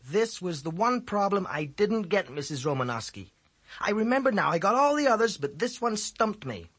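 A man with a husky voice putting on a high, eager schoolboy who stalls and makes excuses in class. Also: very animated, fairly bright tone, exaggerated voice. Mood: excuse-making. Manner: high, drawn-out, wheedling boy voice. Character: excitable schoolboy, eager and scattered.

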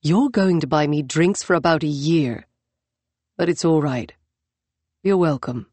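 A woman doing a young man who is wry and a bit defensive with his friends. The voice stays low and near her own, recorded dry and close. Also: unhurried, darkish tone, dry recording. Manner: plain, a little defensive.

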